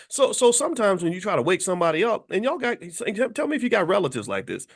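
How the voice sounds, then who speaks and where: A man's voice: high-pitched, big pitch swings, quick pace, gravelly, hardly any pauses. A middle-aged man from Kentucky hosting a motivational commentary monologue, blunt and emphatic, repeating words as he drives home each point. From Louisville, Kentucky, USA. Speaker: host.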